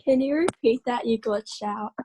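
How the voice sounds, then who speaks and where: A student answering questions in an online class over a video call. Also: female voice, fairly high pitch, moderate pace, dark tone, husky, poor audio.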